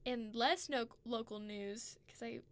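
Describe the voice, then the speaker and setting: A woman's voice: on the high side, unhurried. A woman co-hosting a podcast, chatting casually in a rambling way full of "like" and casual swearing. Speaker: podcast co-host. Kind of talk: casual chat.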